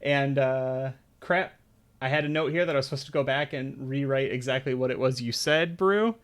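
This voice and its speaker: A man's voice: medium pitch, normal speed. A man narrating as game master in a casual, swearing, laughing tabletop game session.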